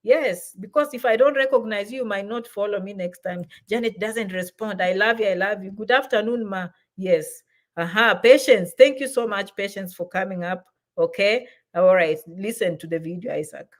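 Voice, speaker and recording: A middle-aged woman hosting a casual livestream, reading out viewers' comments and answering their questions warmly. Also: mid-range voice, moderate pace.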